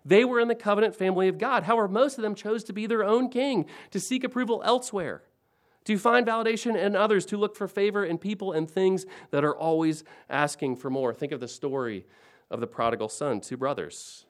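Pastor, man in his forties, fairly high voice, preaches in repeated rising phrases. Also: fairly quick. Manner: preaching with wide swings between soft and emphatic, repeating phrases. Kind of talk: sermon.

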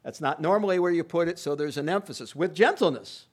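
A pastor preaching an expository sermon in a teacherly, halting way, with many fillers and emphatic rising stresses. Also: male voice, fairly high pitch, a little mellow.

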